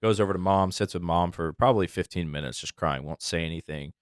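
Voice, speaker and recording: Deep-voiced man, easygoing podcast chat. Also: fast talker, no room sound, studio quality. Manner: laughing, easygoing storyteller. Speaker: podcast host, firefighter. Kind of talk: casual chat.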